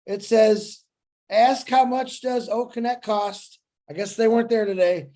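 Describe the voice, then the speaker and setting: A co-host on a live stream reading out audience questions in a lively, chatty way. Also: mid-range voice, a little slow.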